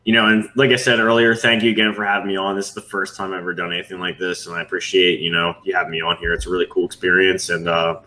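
A man's voice: low-pitched, little pitch movement, fast, few pauses, pushed and bright, poor audio. A man guesting on a talk show, rambling casually with lots of fillers and a slightly nervous manner. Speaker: guest glassworker. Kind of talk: casual interview chat.

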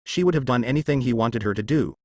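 A man's voice: mid-range voice, fast talker, a little mellow, dry recording, lightly acted. Man reading a whiny, lecherous older ninja; dry close sound. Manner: bemoaning.

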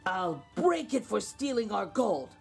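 A woman voicing a greedy rich merchant with a low gruff delivery. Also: sing-song, a little slow, soft background music, exaggerated voice.

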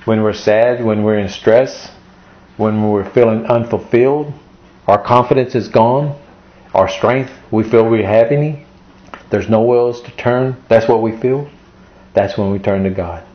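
A man's voice: lowish voice, muffled recording. A male pastor preaching an emotional sermon, repeating his points and reading scripture aloud.

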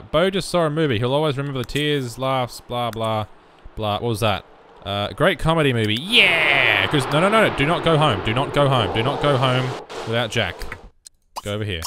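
Chatty young man, noisy game audio behind. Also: mid-range voice. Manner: chatty, mutters menu choices, bursts of loud excitement. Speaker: let's play host. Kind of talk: casual gameplay commentary. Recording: noisy background with game rain.

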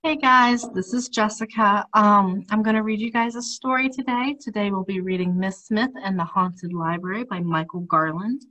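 A woman's voice: medium pitch, normal speed, few pauses, bright, forceful tone, poor audio. A woman librarian reading a picture book aloud to children in a friendly, casual manner.

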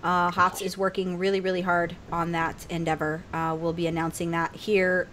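A woman's voice: lowish voice, level tone, moderate pace, a bit bright, slight background noise. A woman hosting a casual gaming podcast, teasing her co-hosts and laughing often. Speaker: podcast host. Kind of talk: casual chat.

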